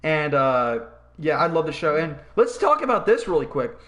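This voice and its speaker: Host, male, high-pitched, excitable, swears a lot, loose podcast banter. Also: moderate pace. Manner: excitable, swears freely, laughs often. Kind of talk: casual chat.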